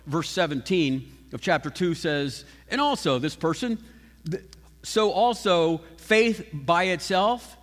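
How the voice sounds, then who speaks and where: A man preaching a sermon as pastor, animated and emphatic, often restarting his sentences. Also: a little high, slow. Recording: long hall reverb.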